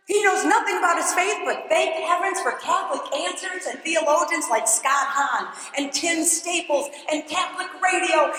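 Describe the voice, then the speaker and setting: Dramatic high-voiced woman in echoing church. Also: moderate pace, few pauses. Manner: animated, dramatic storytelling with voiced quotes. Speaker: keynote speaker. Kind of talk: testimony talk at a women's church event. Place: large church. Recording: echoey church hall with long reverb.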